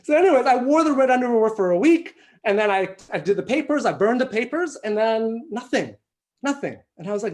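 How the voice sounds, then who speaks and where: Guy doing a standup story over a video call from his house, lively and foul-mouthed, pokes fun at himself. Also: extremely high pitch, fairly quick. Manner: animated, profane, self-mocking storyteller. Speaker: stand-up comedian. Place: at home.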